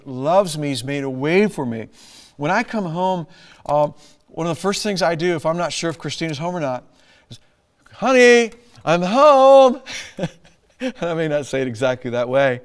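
A middle-aged man preaching a sermon, animated, laughing often and acting out lines in a raised voice. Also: fairly high pitch. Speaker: pastor.

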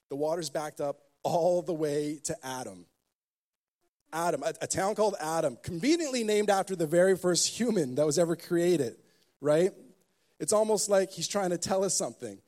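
A man's voice: a little high, mellow. Man preaching. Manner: storytelling, builds emphasis, joking asides. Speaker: pastor. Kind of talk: sermon.

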